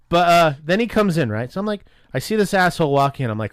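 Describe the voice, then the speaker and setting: This man co-hosting a podcast rattles off a profane workplace story to his friends, animated and performing the dialogue. He's a fast talker with few pauses and a voice on the high side, his tone clean in a dry, clean studio recording.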